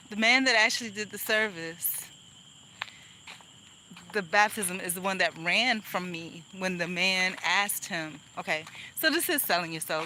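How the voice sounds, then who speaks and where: A woman's voice: lowish voice, bright, forceful tone, slight background noise, low-quality recording. A woman venting angrily in a casual vlog monologue, rambling with restarts and laughs. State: angry. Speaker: vlogger.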